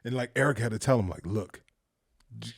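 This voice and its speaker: A man talking casually in an interview, telling lively anecdotes, acting out the voices of the people in them and laughing often. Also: mid-range voice, rapid-fire, gravelly. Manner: animated storyteller, acts out quoted voices, laughs often. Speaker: filmmaker guest.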